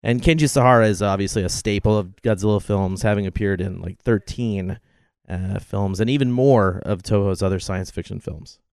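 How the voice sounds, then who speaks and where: A man's voice: fairly low pitch, moderate pace, darkish tone, dry recording, studio quality. A man co-hosting a film commentary, chatting wryly and packing in trivia. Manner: knowledgeable, wry, trivia-heavy. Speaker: podcast co-host.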